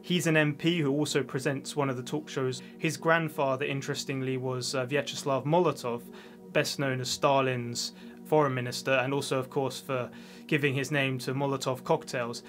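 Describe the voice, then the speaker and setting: A man speaking as a media commentator, giving steady, informative explanations. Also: mid-range voice, normal speed, faint music behind.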